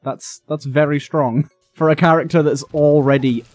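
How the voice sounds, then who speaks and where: A man from the UK giving casual, sweary commentary while playing a video game, complaining loudly and chatting to his viewers. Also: fairly high pitch, fairly even intonation, normal speed, dry recording, soft background music. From United Kingdom. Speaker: gaming YouTuber. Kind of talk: casual let's-play commentary.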